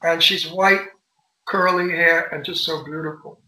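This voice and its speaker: An older man as an interview guest, telling bawdy stories in a lively, animated way over a remote call. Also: a little high, measured pace. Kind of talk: casual interview chat. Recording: echoey room.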